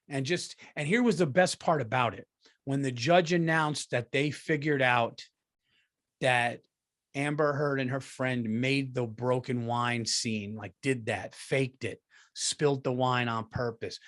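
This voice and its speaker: A middle-aged man hosting a comedy podcast, telling stories in an animated, profane rant. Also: on the high side. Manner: profane, heated, ranting.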